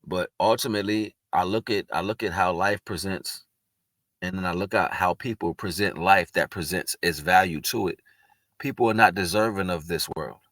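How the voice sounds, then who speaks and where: Speaking to the camera in a loose, unscripted monologue, this vlogger has a very low, slightly bright voice and a moderate pace, in a dry, close recording with no room sound. He's earnest, reflective and spiritual, rambling as his sentences stall and restart, and at moments he sounds tearful.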